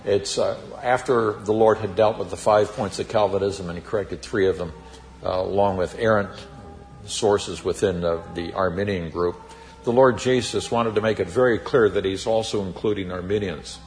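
A man giving a Bible teaching sermon, reading scripture emphatically and explaining it deliberately with occasional fillers. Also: low-pitched, steady tone, faint music behind.

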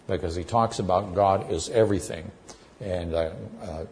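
A man giving an expository sermon, explaining terms with measured pacing and frequent pauses. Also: low-pitched, a little mellow, a little hiss or hum. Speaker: preacher.

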